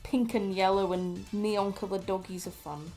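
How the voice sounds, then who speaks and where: A woman's voice: medium pitch, level tone, moderate pace, mellow, soft background music. A woman co-hosting a stream, reading chat messages aloud and tossing in dry, teasing jokes.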